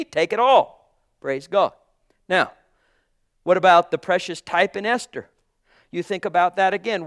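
A man's voice: high-pitched, a bit bright, no room sound, studio quality. A man preaching a sermon with fervent, emphatic delivery and rising exclamations.

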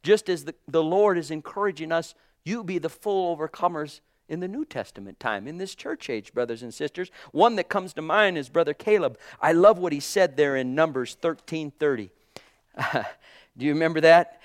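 A male preacher delivers a sermon in a fairly high voice, fervent and emphatic, his exclamations climbing in intensity. The sound is dry and close, with no room echo. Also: moderate pace, a bit bright, clean tone.

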